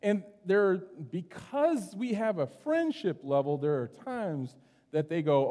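A middle-aged pastor delivers a sermon in a church sanctuary, with a fairly high voice for a man. He talks conversationally and tells stories, punctuating his points with "right?". A long reverb trails each phrase in the hall. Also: expressive, slow, mellow. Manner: conversational, storytelling, keeps asking "right?".

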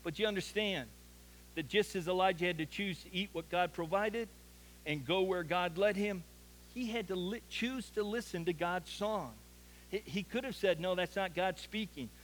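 A man's voice: high voice, normal speed, a little hiss or hum, poor audio. A man preaching an earnest sermon as a pastor, building to emphatic peaks.

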